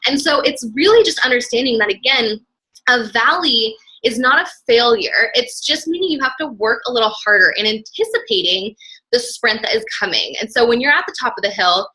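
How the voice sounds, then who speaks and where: Young woman, motivational business coach, bright sharp tone, fairly high voice, animated delivery. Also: a little fast, low-quality recording. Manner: energetic and animated, acts out inner voices, swings loud and soft. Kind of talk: motivational talk.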